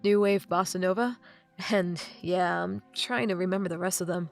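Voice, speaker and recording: A woman's voice: lowish voice, normal speed, vocal fry, faint music behind. A woman reading the lines of an awkward, earnest young male hero in an audiobook. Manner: hesitant, mumbling. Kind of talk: audiobook character voice.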